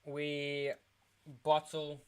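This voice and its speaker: A man's voice: fairly high pitch, completely flat delivery, very slow, clean tone. A young man from England streaming a football watchalong, groaning and sighing in dejection as he talks to his chat. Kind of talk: live football watchalong reaction.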